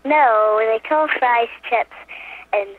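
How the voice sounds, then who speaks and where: A woman's voice: on the high side, slow, dry recording. A woman calling in to a radio show by phone, talking in a hesitant, giggly way. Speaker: guest on the phone. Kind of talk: casual phone interview. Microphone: telephone. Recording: tinny phone line.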